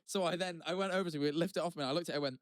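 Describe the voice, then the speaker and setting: Another podcast co-host, a man, rattles off a story very fast in a slightly high voice. It's casual talk full of free swearing, rambling tangents and restarts, captured as a dry, clean studio recording.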